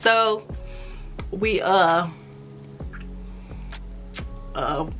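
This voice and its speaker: A woman's voice: fairly low pitch, expressive, very slow, fairly bright tone, faint music behind. A young adult woman vlogger telling a casual, profane storytime, acting out the voices of the people in it.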